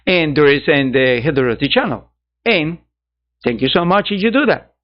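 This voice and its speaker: A man's voice: on the high side, very animated, moderate pace. A man hosting a digital art channel, chatting casually to viewers in a rambling way, correcting himself and chuckling at his own asides. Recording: dull lo-fi sound.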